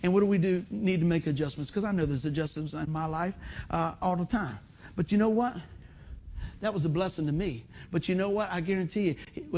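A middle-aged man preaching a sermon in a folksy, animated way, acting out other people's voices. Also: sits high, slight background noise. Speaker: pastor.

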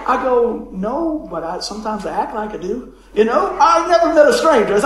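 A man's voice: extremely high pitch, animated, quick pace, hardly any pauses, echoey room, a crowd in the background, low-quality recording. A man preaching a folksy sermon, often chuckling and calling out for amens. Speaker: pastor.

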